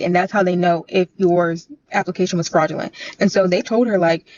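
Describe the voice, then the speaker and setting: A woman's voice: mid-range voice, a little mellow, highs cut off. A woman who works in banking, telling a story about a coworker and explaining the rules step by step. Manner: fast, explanatory. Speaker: bank employee telling a story. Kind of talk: casual storytime vlog.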